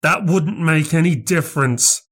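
A man voicing a small, sinister bearded stranger who talks in low, breathless, conceited tones. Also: a little slow, a bit bright. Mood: conceited cryptic. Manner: conceited, cryptic.

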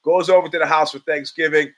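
Animated, rambling male podcast host. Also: a little high, fast. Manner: rambling and animated, with many restarts and stammers. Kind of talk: casual monologue.

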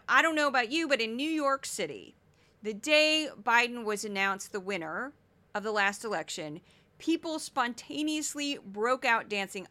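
A woman in her forties from Missouri gives solo podcast commentary. She sounds sarcastic and goofy, with a bright, high voice. The recording is close and dry. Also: no room sound. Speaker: podcast host.

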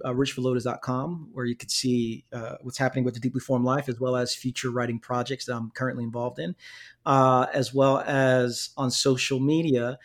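A man who is a pastor, talking as a guest in a casual interview, thoughtful and measured with frequent fillers. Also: medium pitch.

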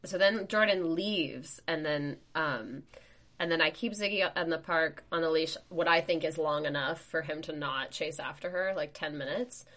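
A woman co-hosting a podcast, telling a story with lively, swearing energy. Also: low-pitched, normal speed. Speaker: podcast co-host. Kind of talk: casual chat.

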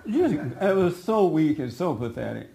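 A middle-aged man tells a family story in a casual, animated way, often laughing. His voice is slightly high and gravelly, and it jumps up when he quotes people. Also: moderate pace. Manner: animated, laughing, quoting others in a raised voice. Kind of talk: casual personal anecdote.

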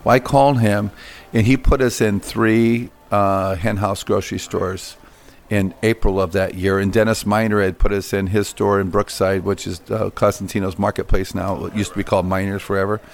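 A man's voice: fairly low pitch, level tone, normal speed, gravelly, slight background noise. A middle-aged man, guest in an interview, telling rambling anecdotes full of fillers and restarts. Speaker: interview guest, coffee business founder. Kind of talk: casual interview storytelling.

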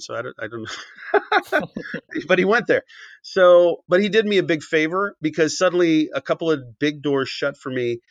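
A podcast guest who is an author and animation writer tells a long anecdote conversationally, his voice a little high with lively intonation at a normal speed. He uses many fillers and restarts, acts out quoted dialogue, and briefly chokes up. The podcast audio is dull and dry with no echo.

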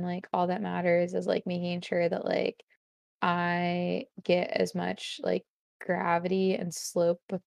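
A young woman chats casually as a guest, her voice sitting a little low and full of vocal fry. She rambles, stringing her thoughts together with constant "like"s. The sound is dry and close. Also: darkish tone, no echo. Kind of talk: casual conversation.

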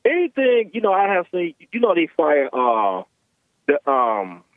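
A man phones in to a talk show with a rather high voice. He rambles, leaning heavily on filler words as he talks. The call comes through a thin, tinny phone line with a dry sound. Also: wildly swooping pitch, a little slow, no room sound. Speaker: caller.

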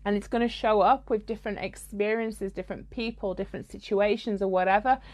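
A woman's voice: mid-range voice, fairly even intonation, a little fast, darkish tone. A woman, a spiritual coach giving a blunt, casual podcast monologue, swearing freely and laughing mid-sentence.

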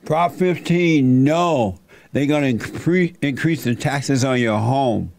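A man's voice: mid-range voice, slow, vocal fry, darkish tone. An older man hosting a casual radio talk show, teasing his guests, laughing often and repeating his points.

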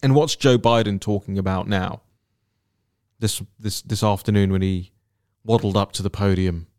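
A man with a fairly low voice hosts a political commentary podcast on his own, in an indignant and emphatic tone. He often repeats words for stress as he builds his case. The sound is dry and close, with no room echo. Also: steady tone, moderate pace, darkish tone, clean tone.

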